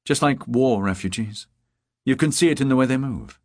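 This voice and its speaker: A man voicing a sleepy, earnest young woman on the phone in an audiobook, with a soft, raised voice. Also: mid-range voice, lively intonation, moderate pace, dry recording, clean studio sound, pitched above the performer's own voice, lightly acted.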